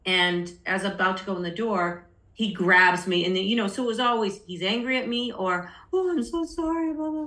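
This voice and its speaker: A woman's voice: mid-range voice, steady tone, brisk, sharp tone. A middle-aged woman, a podcast guest, telling her personal story candidly and acting out the voices of people she quotes. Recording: roomy echo.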